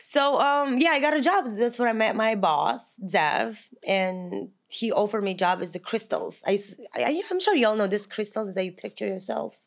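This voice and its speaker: A woman, telling her life story as a podcast guest in lively, broken English. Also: mid-range voice, normal speed, few pauses. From Kazakhstan. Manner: animated, laughing, broken English. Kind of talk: casual interview storytelling.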